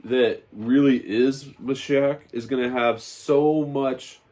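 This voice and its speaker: A man's voice: medium pitch, fairly even intonation, takes it slowly, darkish tone. A man giving an impassioned spoken testimony as a religious teacher, preaching emphatically and repeating phrases for stress.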